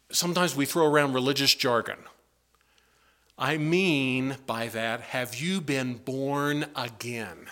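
Bright-voiced man preaching a sermon. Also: on the high side. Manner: earnest, pleading questions with emphatic swings. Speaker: pastor. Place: church sanctuary.

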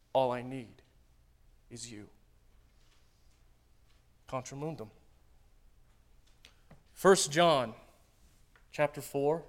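A man preaching a sermon, swinging between loud dramatic readings and quiet joking asides to the congregation. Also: on the high side.

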